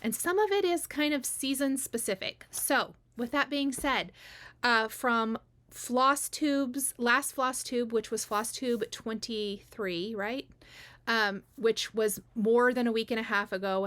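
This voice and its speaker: A woman's voice: on the high side, fairly bright tone. A woman cross stitch vlogger chatting casually to her viewers, frank and talkative, with frequent ums and restarts. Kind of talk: casual chat announcing giveaway winners.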